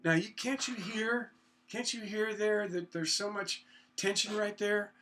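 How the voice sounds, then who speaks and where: High-voiced man teaching songwriting at guitar. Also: steady tone, a little slow, pushed and bright. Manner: thinks aloud, hums and sings snippets. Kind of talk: casual songwriting lesson with guitar. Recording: guitar playing behind the voice.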